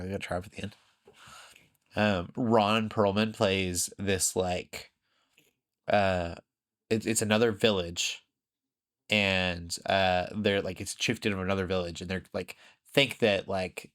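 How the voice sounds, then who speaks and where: In a casual podcast chat, a male co-host rambles, packs his speech with fillers, and laughs frequently. His voice sits low with a slightly bright quality.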